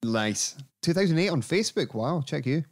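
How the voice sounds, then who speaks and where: A man hosting a podcast interview, upbeat and quick to laugh. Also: on the high side, animated. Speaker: podcast host. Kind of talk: casual chat.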